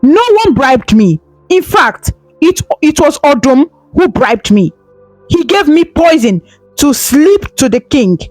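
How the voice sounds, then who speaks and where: A woman's voice: high-pitched, very animated, slow pace, darkish tone, no echo, soft background music, full character voice. A woman storyteller voicing a desperate young woman who pleads through tears with a trembling voice. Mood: pleading.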